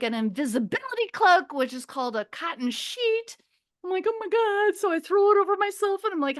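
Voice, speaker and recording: Animated high-voiced woman telling a story. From Minnesota, US. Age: middle-aged. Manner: rambling, animated, searches for words, acts out quotes. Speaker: podcast guest. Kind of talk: casual storytelling.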